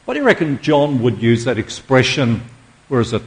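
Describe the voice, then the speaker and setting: A middle-aged man delivers a sermon as pastor in a voice of ordinary male pitch. He is emphatic, drawing out the words that matter and pausing on rhetorical questions. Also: big pitch swings. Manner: emphatic, with slowed dramatic stresses and rhetorical questions.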